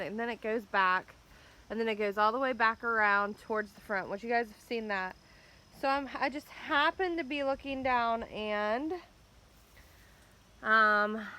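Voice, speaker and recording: Slow-talking woman filming her farmyard. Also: on the high side, bright, forceful tone. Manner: angry and upset, swears, keeps saying "bam". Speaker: farm vlogger. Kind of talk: casual walk-and-talk vlog. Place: outdoors by a chicken pen near woods.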